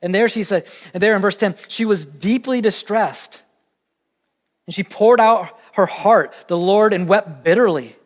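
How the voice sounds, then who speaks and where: Southern American pastor preaching in a reverberant church. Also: male voice, high voice, unhurried. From Southern United States. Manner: earnest, conversational preaching with emphatic repetition. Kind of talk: sermon. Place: church sanctuary.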